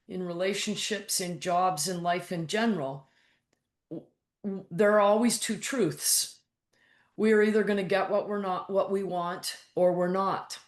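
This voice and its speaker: A woman's voice: medium pitch, reverberant. A woman guest coach speaking frankly and bluntly in a casual interview, acting out her own thoughts in quotes and swearing now and then. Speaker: guest, mental toughness coach.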